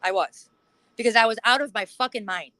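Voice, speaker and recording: Woman guest, bright forceful voice, blunt and sweary, dry close sound. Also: a little high, brisk, no room sound, poor audio. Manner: blunt, heavy swearing, acts out past arguments. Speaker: interview guest. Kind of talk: casual chat.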